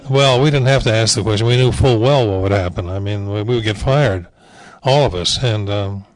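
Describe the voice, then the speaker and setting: A veteran animation director, an older man with a lowish voice, spins wry, dryly humorous anecdotes in a rambling style, frequently restarting and using fillers. The recording is dry and of low quality.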